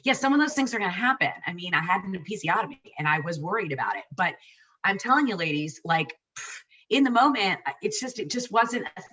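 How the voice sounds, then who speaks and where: A woman's voice: medium pitch, big pitch swings, fast, bright, forceful tone, far from the mic, dull audio. A woman in her forties telling her own birth story in casual chat, emotional and rambling with many restarts.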